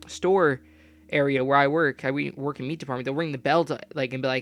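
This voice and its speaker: Bright, foul-mouthed young man. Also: mid-range voice, steady tone, a little fast, no room sound. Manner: profane, loud outbursts. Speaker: gamer reading a visual novel aloud. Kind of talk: casual commentary with story reading.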